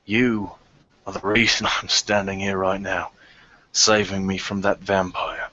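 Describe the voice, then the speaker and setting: A man doing a hearty, booming tavern warrior. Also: little pitch movement, a little slow, sharp tone. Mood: earnest. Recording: dry, muffled lo-fi recording.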